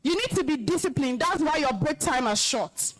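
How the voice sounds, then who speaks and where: At a school event, a young Nigerian woman who is an alumna gives schoolchildren a stern, emotional talking-to, commanding and scolding them. Her voice is high and expressive, moving at a normal speed.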